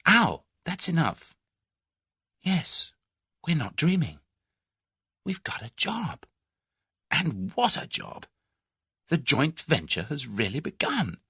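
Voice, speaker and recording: A man's voice: mid-range voice, breathy edge, dry recording, clean studio sound, voice pushed up, heavily acted. A man voicing Tuppence, an eager, impulsive young woman adventurer, in an audiobook. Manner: excitable, quick, animated.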